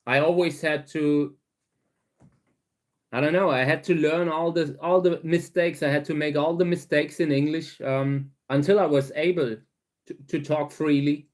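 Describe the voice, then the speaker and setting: A middle-aged cactus grower and channel host from Germany's Saarland talks casually to camera for his viewers, with a thick German accent. His voice is a little high, fairly even in intonation, at a moderate pace, and he uses many fillers and restarts.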